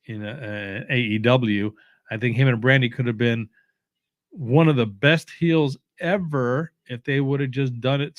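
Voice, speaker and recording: Sleepy and yawning, a man hosts a watch-along and rambles casually through strong opinions, often halting with fillers and restarts. His pitch is medium and the recording is dry.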